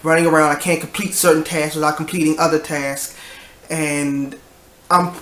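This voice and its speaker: A man's voice: on the high side, flat delivery, moderate pace, sharp tone, echoey room. A tired young man, rambling and sighing as he tells a vlog story about his work day. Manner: tired, rambling, frequent restarts and sighs. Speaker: vlogger.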